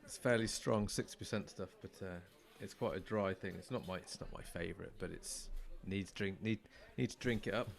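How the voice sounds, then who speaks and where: A man's voice: low voice, moderate pace, creaky, few pauses. A man co-hosting a podcast, chatting in an easygoing, joking way. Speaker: podcast co-host. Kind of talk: casual podcast chat.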